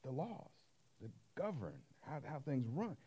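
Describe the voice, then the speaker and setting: Animated preacher man, lively pitch. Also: measured pace, slightly rough. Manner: animated, swings from loud to hushed, call-and-response questions. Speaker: pastor. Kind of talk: sermon.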